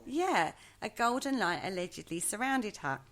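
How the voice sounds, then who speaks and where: Crowd noise is audible as a woman with a mid-range, expressive voice tells a legend at a moderate pace. She co-hosts a podcast and keeps things chatty and hesitant, joking about her own pronunciation during the relaxed storytelling chat.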